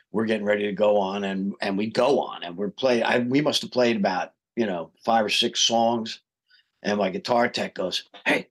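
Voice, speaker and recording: A man's voice: on the low side, breathy edge. A man, a guest singer, telling a story in casual podcast talk and acting out the quoted dialogue. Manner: animated, acts out quoted dialogue.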